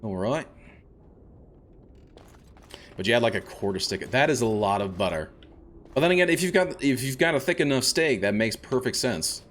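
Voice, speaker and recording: A man's voice: medium pitch, expressive, fairly quick, a bit bright, a little hiss or hum. A man doing rambling, casual commentary on his game stream, chuckling often. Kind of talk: casual let's-play commentary.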